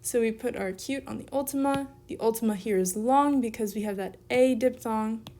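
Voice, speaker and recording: A young woman teaching a recorded beginner Greek lesson, casually explaining each step and sounding out words slowly. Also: fairly high pitch, mellow, soft background music.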